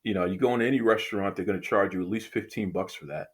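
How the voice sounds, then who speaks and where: Husky low-voiced man hosting a chat. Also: rapid-fire. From Boston. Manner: playful teasing, repeats words when starting sentences. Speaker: podcast host. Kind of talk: casual interview chat.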